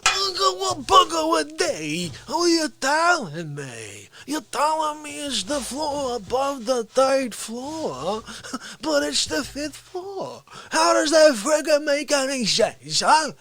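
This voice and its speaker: A man's voice: very high-pitched, big pitch swings, slow, fairly bright tone, voice pushed up, exaggerated voice. A man putting on an exasperated middle-aged man who rants indignantly. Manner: indignant, ranting, incredulous.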